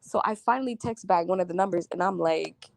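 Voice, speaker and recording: A woman's voice: lowish voice, fairly quick, creaky, darkish tone, no room sound. A woman vlogging at home, telling a story in slangy casual chat and laughing often as she talks. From Florida.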